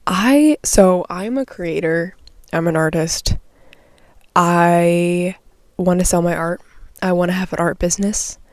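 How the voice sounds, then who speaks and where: A young woman, a vlogger and artist, rants straight to the camera from a small nook at home in an unscripted morning vlog. Her fairly low, darkish voice is slow, heated and rambling, she swears often, and the recording is dry.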